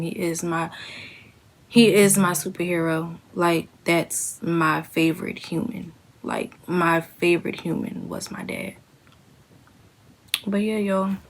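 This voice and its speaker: A young woman vlogging candidly to camera, speaking in a halting, emotional way as she holds back tears while grieving. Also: on the low side, gravelly. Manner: emotional, halting, plain-spoken.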